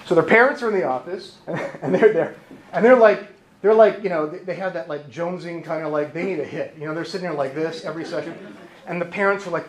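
A man, a therapist, giving a lively, humorous conference talk and acting out voices. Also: on the high side, fast talker, roomy sound, poor audio. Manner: lively and joking, acts out voices. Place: conference hall.

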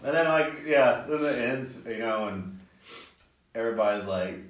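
A man's voice: medium pitch, moderate pace, distant mic. A man hosting a casual podcast chat, laughing a lot and acting out jokes in mock voices. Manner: laughing, animated, acts out bits in mock voices. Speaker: podcast host. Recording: echoey room, off-mic.

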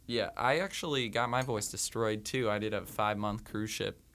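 A male singer hosting a casual chat, jokey and excitable, often saying dude and man. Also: on the low side, normal speed, a little hiss or hum. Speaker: host.

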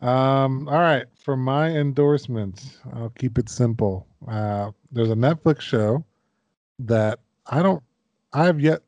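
Man, mid pitch, dry close mic, relaxed casual co-host. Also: slow pace, no room sound. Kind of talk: casual chat.

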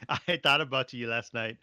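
A man's voice: mid-range voice, measured pace, pushed and bright, clear, resonant tone, no echo. A young man co-hosting a podcast, teasing his friend and laughing through casual stories. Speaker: podcast co-host. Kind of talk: casual chat. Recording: dull lo-fi dry sound.

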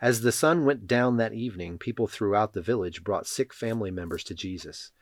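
A man reading Bible passages and leading a prayer in a measured, solemn way. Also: on the low side, no echo. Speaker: scripture reader.

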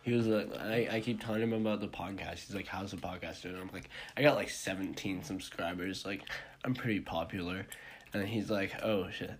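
Young man, very deep voice, teasing laughing banter, faint background noise. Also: fairly even intonation, a little fast. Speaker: podcast co-host. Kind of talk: casual chat.

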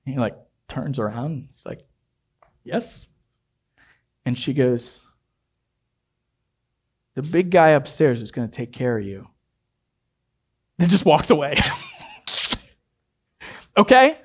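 A man preaching a sermon as a pastor, telling a story in a hushed, intimate way and rising to emphatic exhortation. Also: medium pitch, sing-song, takes it slowly, pauses often, husky.

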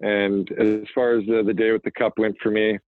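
A man in his thirties from Manitoba, Canada, a professional hockey player, is a guest in a casual phone interview. His fairly low voice moves at a moderate pace, relaxed and rambling with frequent fillers and restarts. The recording is dry over a tinny phone line.

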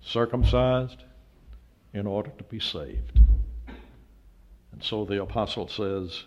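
An older man preaches a sermon in a fairly low voice, captured on a dull, lo-fi recording. He leans hard on key words and climbs to loud, emphatic peaks. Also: slow, a little hiss or hum. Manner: emphatic, rising to loud peaks when stressing a point. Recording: dull lo-fi sound.

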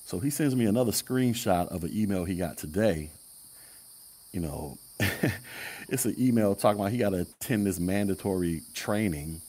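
A man's voice: lowish voice, moderate pace, a little mellow, slightly rough. Blunt, slangy man hosting a podcast. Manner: blunt, slangy, laughs often, reads chat comments. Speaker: podcast host. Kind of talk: casual commentary podcast.

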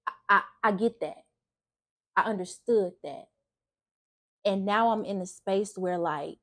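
A young woman talks openly about her faith and her past, earnest and emotional. Her voice is husky and of middle pitch. She speaks casually, often stopping to restart a sentence. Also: a little slow, pauses often, fairly bright tone. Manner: casual speech with frequent restarts. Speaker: faith vlogger. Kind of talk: personal testimony talk.

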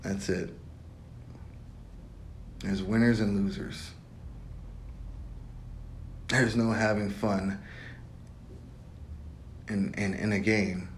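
A man's voice: level tone, drawn-out words, long pauses. A man giving blunt, profane dating advice in a casual podcast monologue. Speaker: podcast host. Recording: echoey room with faint rumble.

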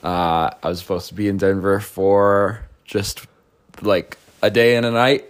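A man's voice: fairly low pitch, little pitch movement, a little slow, clean tone. Laid-back young man telling a story. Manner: laid-back, laughs often, acts out quoted voices. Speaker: podcast co-host. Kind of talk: casual storytelling chat.

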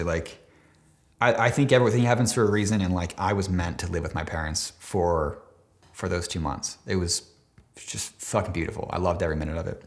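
A man of twenty-nine talking casually and emotionally to camera, rambling with many fillers and restarts, swearing now and then, choked up at times. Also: low-pitched. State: near tears, choked up at times. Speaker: vlogger. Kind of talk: casual heartfelt talk to camera.

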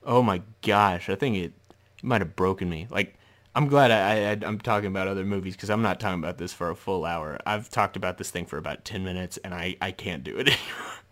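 A man's voice: low voice, brisk. Laughing man ranting about a movie. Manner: animated, laughs often, mock voices. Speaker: podcast host. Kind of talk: casual solo movie review.

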